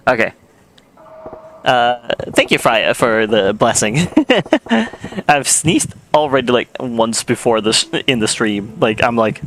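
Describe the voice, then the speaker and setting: Chatty male streamer, bright tone, giggly rambling talk, faint background noise. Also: mid-range voice, lively intonation, takes it slowly. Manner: chatty, giggly, many likes. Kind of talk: casual gameplay commentary.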